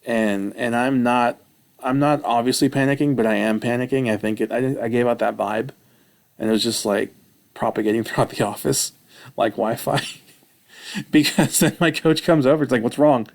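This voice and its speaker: A man vlogging, telling a rambling personal story with self-mocking, animated retelling. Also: mid-range voice, normal speed.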